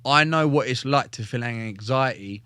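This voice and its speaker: Brief: young guy, ex-soldier, blunt swearing storyteller, mid-pitched, dry close mic. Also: moderate pace, clear, resonant tone, no room sound. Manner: blunt, animated, acts out quotes with shifting pitch. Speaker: guest, former soldier and fighter. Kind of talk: casual storytelling with heavy swearing.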